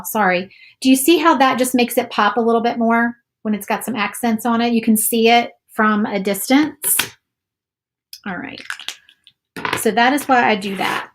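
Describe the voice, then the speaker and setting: A woman hosts a relaxed live craft session, chatting freely as she works. Her voice sits at a middling pitch, and a faint hiss runs under the recording. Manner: chatty, reads viewer comments aloud while painting. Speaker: craft video host. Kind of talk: casual live craft demo.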